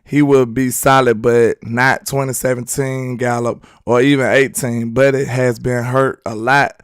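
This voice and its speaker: A man's voice: mid-range voice, flat delivery, measured pace, smooth, no room sound, clean studio sound. A young man from Alabama with a Southern US accent, hosting live sports talk in a loose, joking, slangy way while reading viewer chat.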